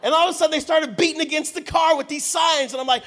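An American man preaching a sermon, telling a story in an animated, theatrical way and acting out the dialogue. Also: extremely high pitch, fast talker. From United States.

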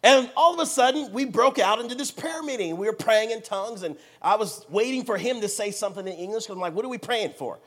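An American man preaching a sermon, telling a story in an animated, theatrical way and acting out the dialogue. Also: sits high, fast talker, few pauses. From United States.

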